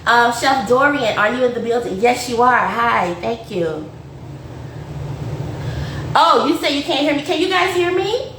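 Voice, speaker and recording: A chatty woman hosts a casual home cooking stream, speaking a bit high and talking straight to her viewers. Her voice sits away from the mic in an echoey kitchen, with faint noise behind her. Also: animated, unhurried, pauses often, a bit bright, distant mic. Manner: chatty and upbeat, addressing viewers as y'all. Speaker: host of a home cooking show. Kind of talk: casual livestream cooking chat.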